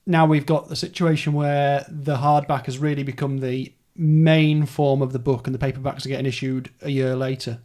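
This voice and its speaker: A man's voice: mid-range voice, level tone, normal speed, hardly any pauses, darkish tone. A man hosting a casual podcast chat, rambling through details in a chatty way. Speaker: podcast host. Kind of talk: casual book-club chat.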